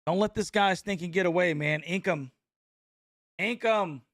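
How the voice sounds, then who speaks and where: A man, hosting a casual live-stream reaction chat in an excitable, slangy way, laughing often and calling everyone bro. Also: high-pitched, measured pace, no echo, clean studio sound. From North Carolina.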